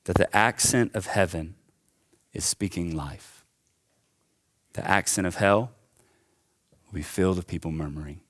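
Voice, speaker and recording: A young man with a low voice preaches in a church, pushing his lines up with fervor. Between the peaks he slips into a loose, conversational storytelling tone. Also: unhurried, long pauses, a bit bright. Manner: impassioned, rising and falling preaching with casual asides. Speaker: pastor. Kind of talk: sermon. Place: church auditorium.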